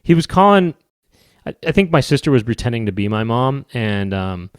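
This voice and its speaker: A man's voice: on the low side, animated, fairly quick, clean tone, dry recording, studio quality. A man hosting a podcast and talking in a rambling, wry, casual comedic monologue that often trails off. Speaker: podcast host.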